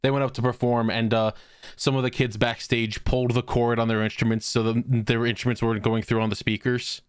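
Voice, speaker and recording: A man's voice: medium pitch, flat delivery, fairly quick, smooth, no echo, studio quality. A man co-hosting a casual podcast chat, crude and jokey, telling anecdotes. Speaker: podcast co-host.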